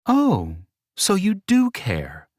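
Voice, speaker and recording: A man reading a sarcastic, defiant young woman in an audiobook, teasing and deadpan by turns. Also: mid-range voice, measured pace, no echo, clean studio sound, voice pushed up.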